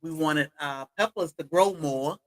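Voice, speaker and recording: A woman's voice: low voice, unhurried, poor audio. A woman chatting casually on a homestead livestream, greeting viewers from the chat by name as she talks.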